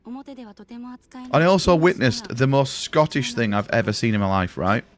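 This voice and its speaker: Young dude streaming, rambly stories, swears a lot, normal pitch. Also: male voice, expressive, measured pace. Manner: rambling, swears, chatty storyteller. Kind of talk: casual live-stream chat while gaming.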